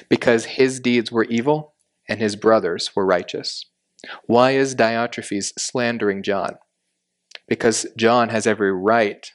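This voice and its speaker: A man teaching a verse-by-verse Bible lesson in a measured, explanatory way, slowing down to stress key points. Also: on the low side. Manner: measured, explanatory, slows for emphasis.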